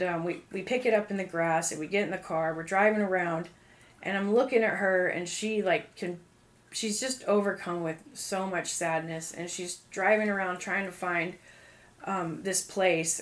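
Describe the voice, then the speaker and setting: A young woman casually telling a personal testimony, full of fillers and acted-out quotes. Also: mid-range voice. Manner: fillers like "um" and "like", animated quoting. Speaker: guest sharing testimony. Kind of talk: casual storytelling.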